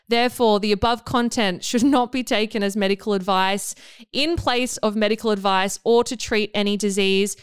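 A woman hosts a podcast in a casual, sarcastic manner, mocking herself along the way. Her voice sits fairly high and is exceptionally clean and clear. The recording is dry and close. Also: no room sound. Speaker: podcast host.

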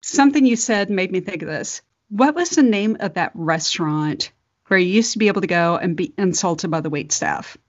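A woman's voice: lowish voice, expressive, moderate pace. A woman co-hosting a podcast in casual chat, with a wry, dry humor and casual swearing. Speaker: podcast co-host. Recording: dull lo-fi sound.

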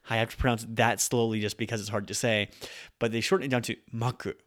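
A young adult man hosting a casual Japanese language lesson, explaining loan words in a relaxed, chatty way with fillers and quick self-corrections. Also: on the low side. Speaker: host teaching Japanese.

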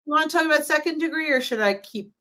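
An enthusiastic woman speaks as a sales trainer in a casual podcast conversation. She talks fast and eagerly, slipping into lively acted-out sample dialogue to make her points. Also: sits high. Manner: enthusiastic, acts out example dialogue. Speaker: LinkedIn sales trainer, guest.

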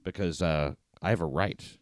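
Low-voiced New podcast host, wry and profane, dry studio sound. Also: male voice, moderate pace, no echo. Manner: sardonic, profane, reads news aloud. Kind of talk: casual chat.

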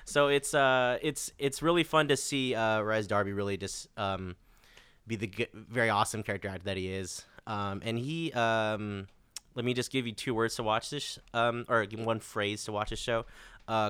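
A man's voice: fairly low pitch, normal speed, a bit bright, smooth, no echo. A man co-hosting a podcast, chatting casually and rambling with lots of fillers. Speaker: podcast co-host. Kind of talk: casual chat.

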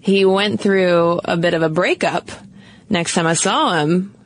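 A woman's voice: lowish voice, measured pace, no room sound. A woman co-hosting a casual chat show, thinking aloud with frequent restarts. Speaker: podcast co-host.

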